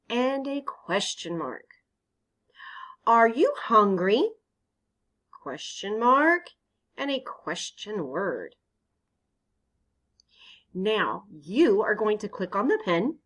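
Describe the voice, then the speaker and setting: A woman teaching young children in an online lesson, asking them questions and answering them patiently. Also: medium pitch. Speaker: elementary teacher.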